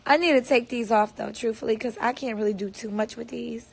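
A woman's voice: a little high, steady tone, brisk, creaky, a little hiss or hum. A young woman chatting casually on a livestream, playful and rambling, with silly noises thrown in. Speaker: singer livestreaming on tour.

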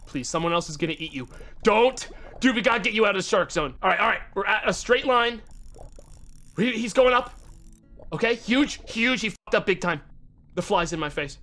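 A male streamer giving live gameplay commentary, excitable and swearing as he yells at the game. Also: high-pitched, a little fast, soft background music.

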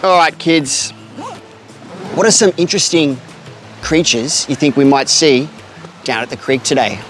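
An Australian man hosts a kids' outdoor adventure vlog by a creek, his voice a little high, a little slow, and a bit bright over soft background music. He's upbeat and talks straight to the children and his pet bird.

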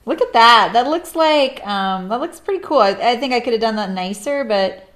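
A woman's voice: on the high side, expressive, normal speed, a bit bright. Chatty, laughing woman sewing streamer. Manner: chatty and rambling, laughs often. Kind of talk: casual chat while sewing on a live stream.

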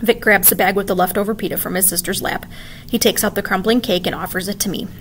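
A woman teacher reading a children's chapter book aloud in an expressive, animated way. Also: mid-range voice, quick pace, slight background noise.

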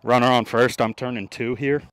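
A man's voice: mid-range voice, fairly even intonation, moderate pace, fairly bright tone. A young man on an outdoor ball field giving self-mocking, joking vlog commentary with plenty of swearing. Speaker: baseball player and vlogger.

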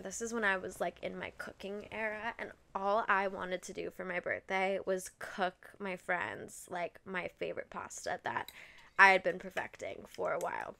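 Podcast host, young woman, bright forceful voice, frank confessional storyteller who swears. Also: medium pitch, vocal fry. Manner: candid and expressive, swears freely, many likes.

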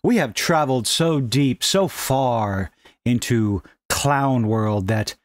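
A man's voice: mid-range voice, slow pace, dry recording, clean studio sound. A middle-aged man hosting a ranting, sarcastic gaming commentary vlog, mocking as he talks. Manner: sarcastic, mocking, animated delivery.

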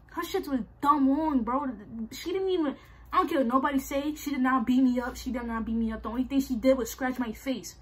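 A young woman with a husky voice, telling a storytime vlog in slangy, animated casual talk and repeating herself. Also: high voice, fairly quick. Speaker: vlogger. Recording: faint music behind.

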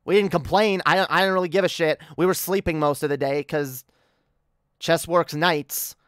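A woman's voice: low-pitched, steady tone, moderate pace, no room sound, clean studio sound. A woman livestreaming an angry rant, annoyed and swearing a lot, often stammering and restarting her sentences. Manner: profane, heated, stammering restarts.

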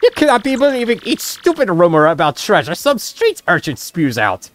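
A woman's voice: fairly low pitch, huge pitch swings, moderate pace. Brief: woman voicing a grandiose male merchant, over-the-top fake-Italian flair, faint music behind. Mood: boastful. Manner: theatrical fake-Italian phrasing, grand boasts. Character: pompous rich male merchant, dramatic and greedy. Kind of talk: voicing game dialogue aloud.

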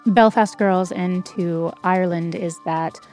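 A woman from the United States, a stage actor, giving an earnest, deliberate interview answer. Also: on the low side, fairly even intonation, darkish tone, faint music behind.

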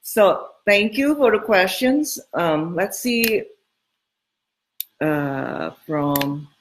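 A woman's voice: fairly low pitch, animated, very slow, slight background noise. A middle-aged woman coaching women on dating, answering listener questions in a frank, emphatic way that repeats key words. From Southern California home. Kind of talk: casual advice talk.

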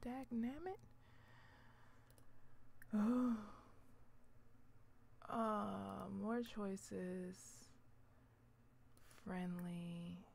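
A young woman giving gameplay commentary as a channel host, chatty and excitable, talking to the game characters and dropping into whispered asides. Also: medium pitch, drawn-out words, vocal fry, pauses often, slight background noise.

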